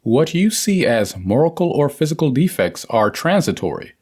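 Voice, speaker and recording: A man reading a spiritual audiobook aloud in a measured, deliberate manner. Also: a little high, sing-song, a little mellow, slightly rough. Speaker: audiobook narrator. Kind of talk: scripted audiobook narration.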